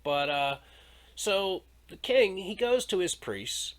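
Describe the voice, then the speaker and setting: A man's voice: high voice, very animated, takes it slowly, a bit bright. Irreverent, jokey male podcast host. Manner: irreverent, jokey, swears freely. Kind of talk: casual discussion.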